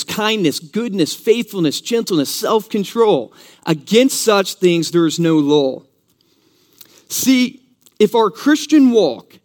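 A man preaching a sermon in church, earnest and teaching, who repeats key points for emphasis. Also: high-pitched.

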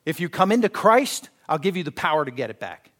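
A slightly high, somewhat bright voice with big pitch swings belongs to a man pastor preaching a little fast. His sermon stays conversational as he acts out quoted voices and seeks the congregation's agreement.

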